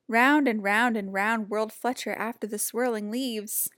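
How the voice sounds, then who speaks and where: A woman reading a children's picture book aloud in a gentle, expressive storytelling voice. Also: fairly high pitch, normal speed, no room sound, studio quality.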